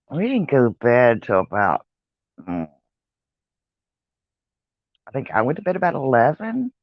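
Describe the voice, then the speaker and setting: Tired woman vlogger, slow chatty ramble, dry muffled sound. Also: on the low side, no room sound. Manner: rambling, chatty, with many fillers and yawns. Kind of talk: casual vlog chat. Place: outdoor porch with traffic nearby.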